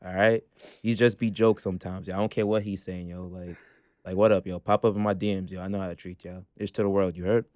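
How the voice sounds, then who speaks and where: A man's voice: low-pitched, level tone, fast talker, a little mellow, no room sound, clean studio sound. A young man co-hosting a casual podcast, joking and laughing often with slangy banter. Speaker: podcast co-host. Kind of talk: casual banter among friends.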